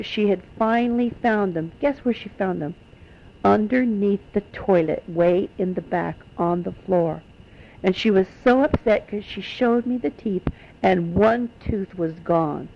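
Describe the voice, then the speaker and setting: Older woman storyteller, gravelly voice, homespun animated delivery, dull lo-fi recording. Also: medium pitch, a little hiss or hum. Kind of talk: telling family stories to children.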